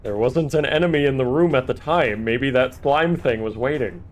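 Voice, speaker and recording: A man streams a horror game, joking casually and reading the in-game text aloud as he plays. His voice is medium-pitched at a normal speed, with game music behind it in this casual let's-play commentary.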